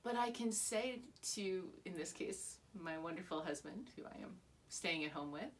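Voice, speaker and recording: A woman guiding a relaxed meditation, speaking calmly and softly and often dropping into a hushed whisper. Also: on the low side, normal speed, distant mic, a little hiss or hum. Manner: calm, soft, often slipping into a hushed whisper. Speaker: meditation guide. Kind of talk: gentle guided meditation talk.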